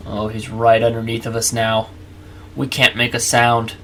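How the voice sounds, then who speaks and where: A man's voice: medium pitch, monotone, normal speed, a bit bright, a little hiss or hum. A man hosting a let's play, chatting casually and narrating each move to the viewer. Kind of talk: casual gameplay commentary.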